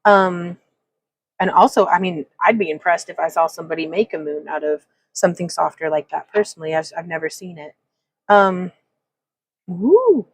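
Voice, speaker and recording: A woman's voice: fairly low pitch, fairly even intonation, a little fast, no room sound, poor audio. A woman hosting a casual craft livestream, talking through a wire-wrapping demonstration in a chatty, rambling way, laughing often and reading chat comments aloud. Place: home craft room.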